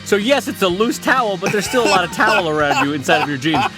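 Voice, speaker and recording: A man's voice: sits high, very animated, fast, loud music behind the voice. A man co-hosting a podcast in casual chat, joking and self-mocking while in pain from a hurt back, talking from a small closet at home. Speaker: podcast co-host.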